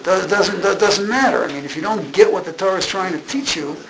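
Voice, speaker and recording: A man teaches an informal Torah class in a slightly high, gravelly voice. He keeps repeating and rephrasing his points for emphasis. The recording carries a loud steady noise. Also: brisk. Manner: repetitive, emphatic, restarts phrases.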